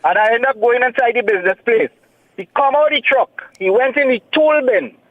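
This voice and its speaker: A man's voice: very high-pitched, a little fast. A man with a Trinidadian accent calling in to a talk show, telling his side of a dispute in an agitated, defensive way over the phone. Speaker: caller. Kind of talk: phone-in call. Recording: tinny phone line.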